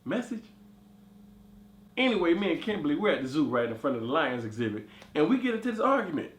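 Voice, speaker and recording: A man's voice: fairly high pitch, fast, echoey room, slight background noise. A man with a cold and a stuffy nose telling a comic story to camera, acting out each voice in it. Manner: animated, acts out every voice in the story. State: congested with a cold. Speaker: comedy vlogger.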